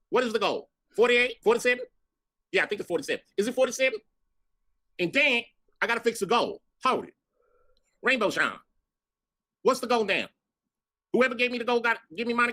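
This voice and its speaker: A man's voice: very high-pitched, bright, forceful tone. A man streaming live, telling brash, profane stories and chasing donation goals. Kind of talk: casual stream chat.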